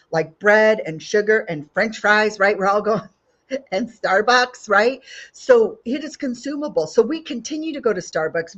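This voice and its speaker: A woman with a lilt gives an earnest motivational talk at a middle pitch. She asks her listeners question after question and repeats phrases for emphasis. The recording sounds a little dull. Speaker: Mary Kay sales director giving a recruiting talk.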